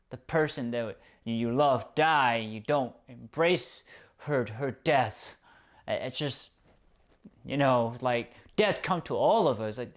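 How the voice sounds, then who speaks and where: A man giving a casual spoken movie review, rambling with lots of "like" and "um" fillers and casual swearing. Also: mid-range voice. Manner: loose and rambling, full of "like" and "um", swears freely.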